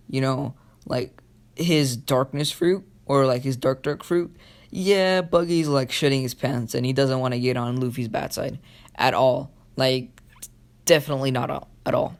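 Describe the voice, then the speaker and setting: A man's voice: medium pitch, a little slow. A sleepy, yawning man casually retelling a fan story, rambling with lots of fillers.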